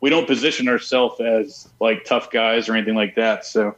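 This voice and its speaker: A man's voice: fairly low pitch, fairly even intonation, moderate pace, fairly bright tone, dull audio. A man in a band talking casually in an interview, rambling and swearing freely. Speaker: band member.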